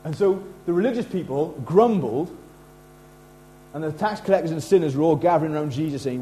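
A middle-aged man preaching a sermon in a casual, animated way, slipping into acted quotes. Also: a little high, fairly quick, a little hiss or hum, rough recording. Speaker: pastor.

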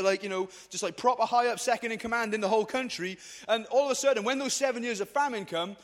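A young man giving a youth talk, retelling a Bible story in slangy, energetic casual speech and acting out the quoted voices. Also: high-pitched. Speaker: youth speaker. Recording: reverberant hall.

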